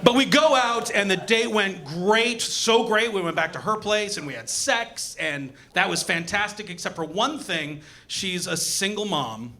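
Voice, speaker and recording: Bright, high-voiced male stand-up comic. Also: a little slow, few pauses, a little hiss or hum. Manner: animated, acts out voices and punchlines. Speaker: stand-up comedian. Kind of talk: stand-up comedy set. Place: comedy club stage.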